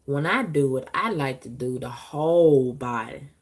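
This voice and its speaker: A woman's voice: a bass voice, unhurried, husky, voice pushed down, full character voice. A woman quoting an evasive preacher man in a hedging, noncommittal way, barely changing her own voice. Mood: suggestive.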